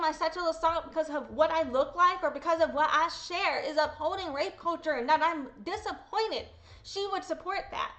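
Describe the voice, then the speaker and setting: A woman's voice: extremely high pitch, moderate pace, fairly bright tone. A woman talking straight to her viewers in an upset, blunt personal callout, swearing and repeating quotes. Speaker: vlogger. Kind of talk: angry personal callout vlog.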